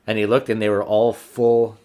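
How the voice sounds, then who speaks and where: A man's voice: lowish voice, flat delivery, normal speed, mellow. A man co-hosting a hunting podcast, telling stories bluntly with plenty of swearing. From British Columbia, Canada. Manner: profane, blunt, laughs easily. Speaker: podcast host. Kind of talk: casual chat, storytelling.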